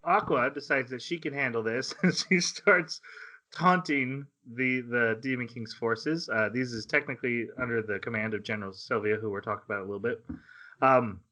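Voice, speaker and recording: A man co-hosting a casual anime podcast, retelling scenes with quick voiced asides and laughter. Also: medium pitch, sharp tone. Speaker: podcast co-host.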